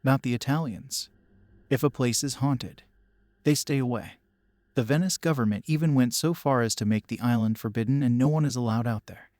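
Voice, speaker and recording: A man narrating a first-person horror story in a steady, measured storytelling voice. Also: mid-range voice, no room sound, studio quality.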